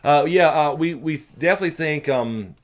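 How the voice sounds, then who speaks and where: A man with a Southern American accent hosts a casual live stream, reading viewer questions aloud and answering them at a normal speed. He swears freely and swings between low mutters and loud, animated bursts.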